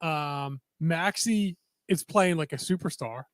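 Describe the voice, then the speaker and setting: A man's voice: a little high, takes it slowly. A man co-hosting a casual sports podcast who keeps steering the talk back to the games. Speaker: podcast co-host. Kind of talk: casual bar-style sports chat.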